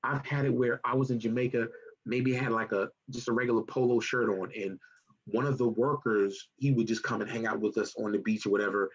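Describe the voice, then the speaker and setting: A man's voice: mid-range voice, brisk, slightly rough. A young man from Chicago, telling personal stories in casual chat and acting out the people in them. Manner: animated, acts out the people in his stories. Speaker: guest. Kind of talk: casual storytelling. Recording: muffled lo-fi sound.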